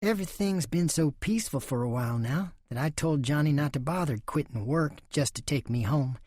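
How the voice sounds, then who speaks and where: A man's voice: a little high, a little fast, darkish tone, no echo, studio quality, lightly acted. A man voicing a shy, polite young farm woman.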